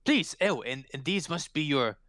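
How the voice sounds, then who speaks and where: A man voicing a pompous, cigar-smoking male gnome detective who speaks in a fussy, halting way. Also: on the high side, lively intonation, a bit bright, dry recording. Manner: fussy, halting, self-important.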